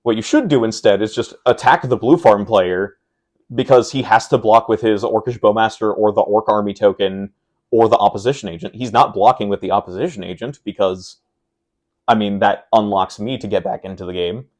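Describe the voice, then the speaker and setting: A young tournament player from the Pacific Northwest of the United States talks casually in an interview, stepping through his game decisions one by one. His voice is fairly low and fairly quick, and he grows animated recounting a frustrating loss.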